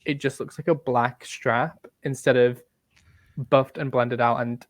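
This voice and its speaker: A man's voice: medium pitch, fairly even intonation, measured pace, no room sound, studio quality. Opinionated man chatting on a podcast. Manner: opinionated, playful. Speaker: podcast co-host. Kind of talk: casual chat.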